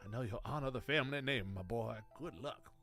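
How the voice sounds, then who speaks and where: A man's voice: mid-range voice, a little fast, vocal fry, a bit bright, faint music behind. A man reading out a kindly old grandfather's farewell letter with a Southern twang. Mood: tender.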